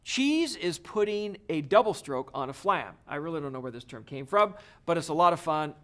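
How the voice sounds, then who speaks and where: A man's voice: fairly high pitch, expressive, normal speed, fairly bright tone. A man teaching a drum lesson, explaining each step in an encouraging way. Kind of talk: video lesson.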